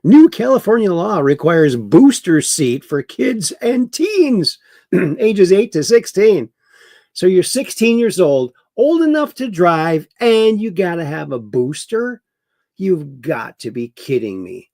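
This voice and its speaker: A man's voice: high voice, sing-song, takes it slowly, a little mellow, dry recording, studio quality. A man hosting a livestream, reading viewer chat aloud and mocking the news with chuckles. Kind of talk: casual political commentary livestream. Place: home in Wisconsin.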